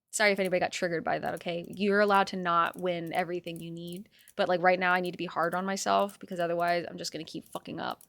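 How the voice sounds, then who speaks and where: Bright, chatty young woman streamer. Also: on the low side, level tone, fast talker, vocal fry, hardly any pauses, soft background music. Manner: talks to herself and to chat, swears, swings loud. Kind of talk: casual chat.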